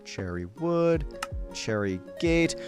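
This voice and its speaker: A man's voice: on the high side, very animated, slow pace, faint music behind. A man casually chatting with his viewers during a live game stream, upbeat and laughing often. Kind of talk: casual live-stream chat while playing.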